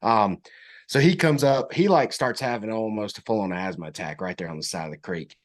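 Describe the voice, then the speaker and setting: A young man, a podcast guest telling a story in casual chat, animated and acting out quotes. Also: a little fast. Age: young adult. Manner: animated storyteller, acts out quotes in high voices.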